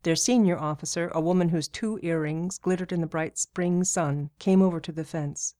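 A woman reading a novel aloud as narrator in a steady, even way. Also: fairly low pitch, moderate pace, hardly any pauses. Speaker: audiobook narrator. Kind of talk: scripted narration.

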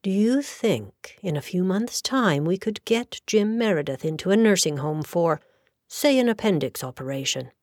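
A woman's voice: lowish voice, animated, normal speed, darkish tone, no room sound, studio quality. A woman voicing a brusque young male lawyer who speaks rudely and sardonically, in an audiobook. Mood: thoughtful. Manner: blunt, sardonic.

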